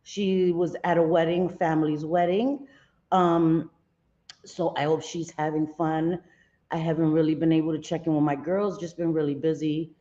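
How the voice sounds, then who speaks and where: A woman's voice: deep voice, little pitch movement, moderate pace, mellow, muffled recording. A middle-aged woman hosting a casual home livestream, greeting viewers by name with pet names like sweetie. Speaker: livestream host.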